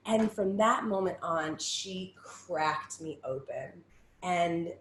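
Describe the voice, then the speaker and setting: A woman's voice: on the low side, slow pace. A woman telling her own story as a survivor on a panel, candid and raw, swearing freely and piling up short phrases. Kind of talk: personal testimony in a panel talk. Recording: roomy echo with faint background hum.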